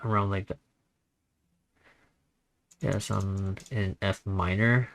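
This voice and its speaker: A man casually talking through a music software tutorial in a rambling, offhand, self-deprecating way. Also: low voice, steady tone, slow, vocal fry, noisy background. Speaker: tutorial host. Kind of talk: casual screen-recording tutorial.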